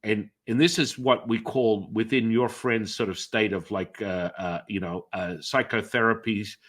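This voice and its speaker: A man's voice: fairly low pitch, moderate pace. A middle-aged man hosting an interview, telling stories at length, rambling with fillers and restarts and acting out other people's reactions. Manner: animated, acts out other people's reactions in shifted voices. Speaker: podcast host and energy healer. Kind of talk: conversational storytelling in an interview.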